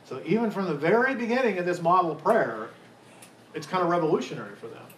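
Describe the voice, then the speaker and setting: A man's voice: fairly high pitch, lively intonation, brisk, slight background noise, low-quality recording. A man preaching a sermon to a live congregation, asking the room questions and restarting phrases as he goes. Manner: asks the room questions, repeats words while restarting. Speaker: pastor.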